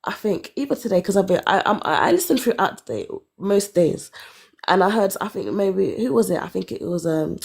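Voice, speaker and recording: A woman in her thirties telling her own story in casual chat, candid and animated, with sighs and laughs. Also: medium pitch, brisk, gravelly, slightly rough. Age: 30s. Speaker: caller.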